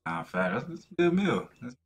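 A man's voice: mid-range voice, sing-song, brisk, breathy edge. A young man hosting a reaction video, chatting in a laid-back way and laughing often. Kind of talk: casual reaction commentary.

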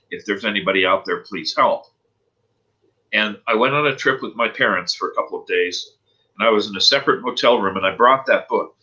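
Bright-voiced man telling his testimony. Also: on the low side, muffled recording. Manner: earnest, emotional storytelling. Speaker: interview guest. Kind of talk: personal testimony in interview.

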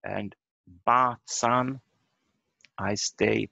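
Slow gravelly male language teacher. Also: lowish voice, fairly bright tone, dry recording. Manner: slow, halting explanations with repeated example words. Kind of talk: online language lesson. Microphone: video call. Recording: dull lo-fi video call audio.

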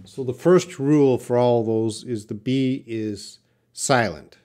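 Man, english teacher, live-stream lesson, unhurried, mid-pitched voice. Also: warm tone. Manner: slow, patient, reads out viewer questions. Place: classroom with a whiteboard.

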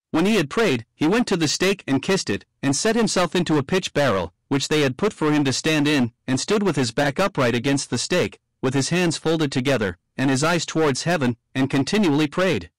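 A man's voice: a little high, expressive, moderate pace, hardly any pauses, dry recording, poor audio. Man reading a martyrs' history aloud. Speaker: audiobook reader. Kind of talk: scripted narration of a historical book.

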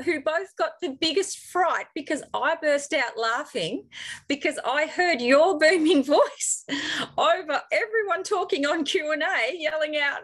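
A woman's voice: high-pitched, a bit bright. A woman co-hosting a podcast, chatting casually and laughing easily. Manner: laughs easily, short reactions. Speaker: podcast co-host. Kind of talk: casual chat.

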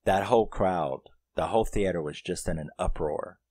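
A man's voice: sits low, normal speed, a little mellow, dry recording. A man reviewing a horror film in casual, profane storytelling, retelling its plot scene by scene.

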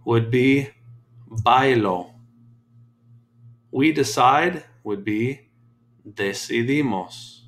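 A man's voice: mid-range voice, fairly bright tone. A man teaching a Spanish lesson, patiently calling out English prompts and then the answers. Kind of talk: slow deliberate classroom drill.

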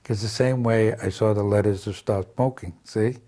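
A man's voice: lowish voice, fairly even intonation, normal speed, mellow. Earnest man telling faith testimony. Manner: earnest, tags many sentences with "see?"; acts out remembered dialogue with raised voice. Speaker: healing minister giving testimony. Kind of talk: storytelling testimony.

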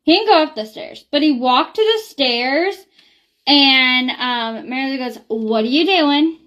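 High-voiced chatty woman vlogger. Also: lively intonation, a little slow, a bit bright. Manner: rambling, many ums and likes. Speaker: beauty product reviewer. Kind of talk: casual chatty vlog.

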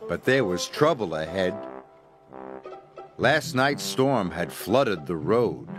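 A man reading a children's story aloud as narrator, expressive and dramatic. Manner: expressive, shifting pitch for drama. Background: music.

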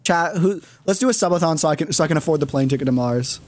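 A man's voice: on the high side, fast talker, dry recording. A man streaming a game, chatting casually and rambling with plenty of fillers. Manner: rambling, lots of fillers and laughs. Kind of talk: casual chat.

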